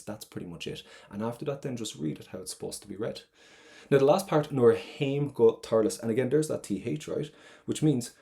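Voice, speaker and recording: An Irish man with a low, mellow voice teaches an online exam-prep class. He keeps it casual and chatty and talks to his students by name.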